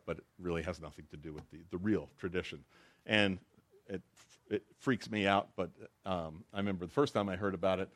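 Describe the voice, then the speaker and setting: A man's voice: sits low, no echo. A man giving informal, conversational Bible teaching, telling jokes along the way. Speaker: preacher.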